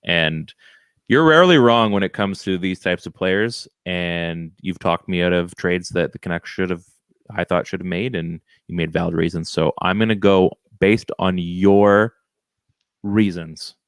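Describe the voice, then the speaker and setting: Low-voiced man, smooth. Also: a little slow, no room sound, studio quality. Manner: relaxed, joking asides. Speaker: podcast co-host. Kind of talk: casual hockey draft chat.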